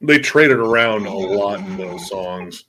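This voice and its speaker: A man's voice: lowish voice, lively intonation, slow, fairly bright tone, slight background noise. A man in casual chat on a livestream, laid-back and swearing often.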